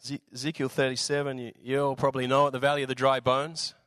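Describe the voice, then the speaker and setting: A man with an Australian accent and a slightly raspy voice, preaching a sermon in a relaxed, jokey way with lots of fillers. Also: mid-range voice, quick pace, no echo. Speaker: visiting preacher.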